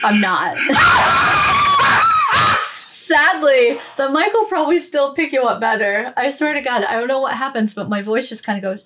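A woman's voice: high voice, expressive, a little fast, few pauses, a bit bright, slight background noise. A woman co-hosting a casual reaction video, bubbly and laughing often.

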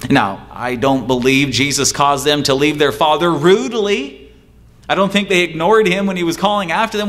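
A pastor preaching a sermon, driving home points with repetition and rhetorical questions, sometimes mimicking excuse-makers. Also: male voice, fairly bright tone. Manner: acts out excuse-makers in a higher, quicker voice.

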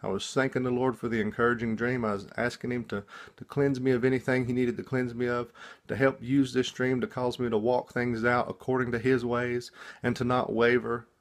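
A man telling about a dream he just woke up from, in a casual, halting testimony full of restarts and repeated words. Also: medium pitch, flat delivery. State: just woken up.

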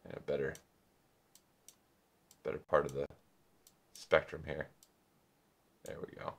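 A man's voice: rumbling low, flat delivery, a little slow, breathy edge. A young man hosting a casual music production tutorial, rambling and joking about himself with plenty of ums. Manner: rambling, self-joking, many filler ums. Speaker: music producer and video host.

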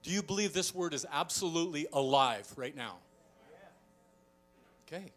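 A middle-aged man preaching a sermon as a pastor, telling stories with animated delivery and acting out quoted voices. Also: on the high side, normal speed, faint music behind. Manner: animated storytelling, acts out quoted voices, chuckles often.

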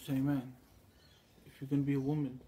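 A man's voice: mid-range voice, little pitch movement, fairly quick, dark tone, slight background noise. A man telling a rambling, crude story in a casual way, acting out the others in it. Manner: meandering and crude, acts out other voices in quotes. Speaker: vlogger.

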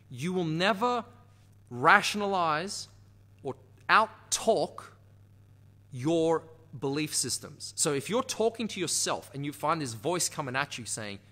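An energetic Australian man hosts a dance channel and gives a motivational lesson straight to camera. His voice sits a little high, and it is bright and tense as it swings up and down. He talks with emphasis and acts out the inner voices he describes. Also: normal speed. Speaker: dance teacher and channel host.

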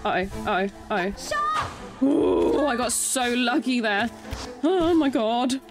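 High, excitable female gamer. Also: slow pace. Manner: exclaiming, panicky, laughing often. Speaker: let's play streamer. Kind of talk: excited gameplay commentary. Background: game music.

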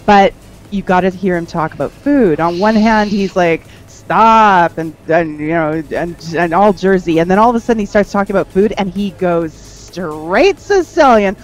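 A woman's voice: on the low side, brisk, a little mellow, faint music behind, poor audio. A woman hosting a casual live-stream chat, talking in a wry, emphatic way and stretching her stresses.

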